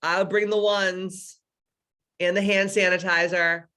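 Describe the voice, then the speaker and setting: A woman's voice: mid-range voice, flat delivery, takes it slowly, a bit bright. Brief: woman in her thirties hosting a video call, crude, laughing storyteller. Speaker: workshop host. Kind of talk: casual chat.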